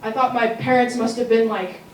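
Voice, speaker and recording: A teenage girl spins a comic personal story at a school story slam, her voice a little high. She talks casually and throws asides to the listeners. The sound is roomy and picked up from a distance, with a faint hiss underneath. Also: fairly even intonation, normal speed. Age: teens. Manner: comic, conversational, asides to the audience. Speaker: student storyteller. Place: school auditorium.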